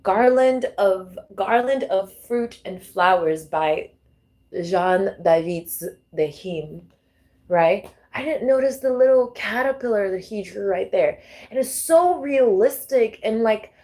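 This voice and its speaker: A woman's voice: mid-range voice, dark tone. A young adult woman doing a casual tarot reading vlog, talking straight to her viewers, swearing freely and laughing often. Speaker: tarot reader.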